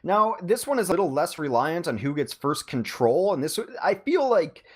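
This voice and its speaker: A man's voice: a little high, very animated, moderate pace. A man co-casting an esports match in a loose, conversational way, with plenty of "you know" and restarts. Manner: conversational, frequent fillers and restarts. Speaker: esports co-caster. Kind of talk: esports commentary.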